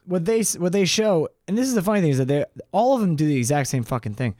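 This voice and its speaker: A man co-hosting a podcast in casual chat, animated and mocking as he quotes people in a raised voice. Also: a little high, quick pace, dry recording, studio quality. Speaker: podcast co-host.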